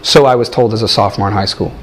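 A man's voice: lowish voice, very fast, a little hiss or hum. A man preaching a sermon, telling a funny story and breaking into acted quotes before making his point. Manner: animated, jokey, shifts into loud acted quotes.

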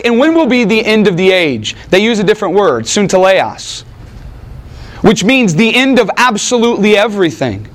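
A man delivers a sermon with a bright, higher-pitched voice. He preaches in an animated, conversational style, tossing in wry asides to the room. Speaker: pastor.

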